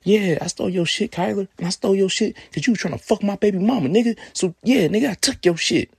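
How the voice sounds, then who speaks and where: A man's voice: high voice, quick pace, vocal fry, slightly rough, no room sound, studio quality, voice pushed up, full character voice. A man voicing a brash, unrepentant young man who talks in a profane, boastful way. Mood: defiant.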